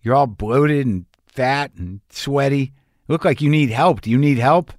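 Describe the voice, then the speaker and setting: A blunt young woman who stays sober and cares enough to ask straight questions, as a comic man quotes her in a dry, close voice. Her voice stays near his ordinary pitch, and she asks direct questions without softening them. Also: normal speed, no room sound, natural voice.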